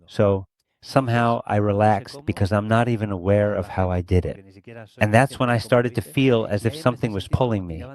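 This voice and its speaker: A man's voice: on the low side, moderate pace, darkish tone. A middle-aged man from Spain, a guest recounting a personal experience in an interview, speaking earnestly and reflectively with feeling. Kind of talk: emotional personal storytelling in an interview.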